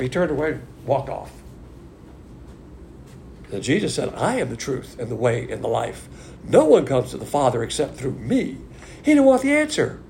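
A gravelly-voiced man preaches in a folksy, blunt manner, his pitch swinging up high on rhetorical questions. He teaches an informal Bible class, and faint background noise sits under his voice. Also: a little mellow. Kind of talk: informal sermon. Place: church class streamed on video call.

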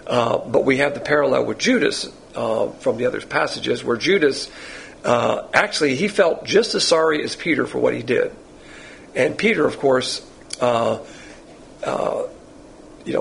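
A man's voice: mid-range voice, gravelly, fairly bright tone, a little hiss or hum, rough recording. Folksy man teaching a Bible class. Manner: folksy, digressive, conversational. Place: Bible class with listeners present.

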